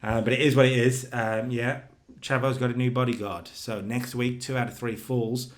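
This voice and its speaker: A man co-hosting a casual chat, recapping wrestling storylines with animated storytelling. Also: mid-range voice. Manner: animated storytelling, does quick character voices in quotes. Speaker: co-host recapping a wrestling sim save.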